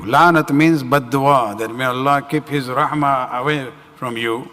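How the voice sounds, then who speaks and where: A religious speaker gives a lecture at a community center, telling a story peppered with "you know" and "uh". His mid-range voice has a sharp tone and normal speed, recorded in a reverberant hall.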